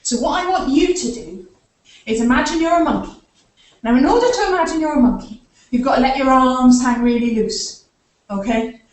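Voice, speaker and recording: Woman, children's storyteller, playful and interactive, slightly high voice, distant and roomy. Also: lively intonation, fairly quick, darkish tone. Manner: playful, asks children to join in with actions. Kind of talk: live story time for young children. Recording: echoey room, far from the mic.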